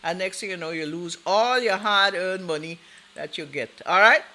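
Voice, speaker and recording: Male radio host, high and piercingly bright, chatty, free with laughs and advice. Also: moderate pace. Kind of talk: casual on-air chat with shout-outs and advice.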